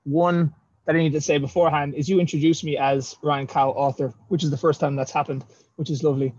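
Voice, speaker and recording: Guy on a zoom call, kinda high voice, muffled dry audio, chatty and laughing at himself. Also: flat delivery, quick pace, darkish tone, husky, no room sound. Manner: chatty, self-deprecating, laughs often, restarts words. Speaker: self-published fantasy author, guest. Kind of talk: casual video-call interview. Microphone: video call. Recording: dull lo-fi video call audio.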